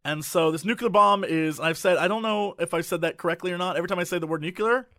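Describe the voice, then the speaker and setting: A man co-hosting a podcast in casual chat, animated and lively, now and then breaking into mocking voices. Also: high voice, fast talker, no echo, clean studio sound. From United States. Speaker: podcast co-host.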